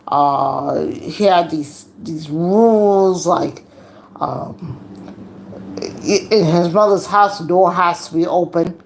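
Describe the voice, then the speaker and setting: A woman losing her voice, livestreaming a casual personal talk in a slow, confiding way with preachy asides. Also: fairly low pitch, vocal fry, darkish tone, a little hiss or hum. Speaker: livestream host.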